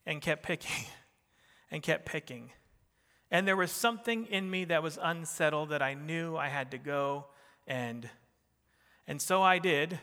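A middle-aged man with a New Jersey accent preaching a sermon, swinging between emphatic rising bursts and soft, quiet drops. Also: a little high, big-room sound. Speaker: pastor.

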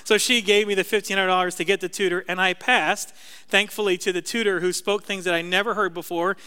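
A man's voice: high voice, fairly even intonation, brisk, sharp tone, smooth, big-room sound. A middle-aged man, a pastor, preaching a sermon in a conversational, self-deprecating storytelling way.

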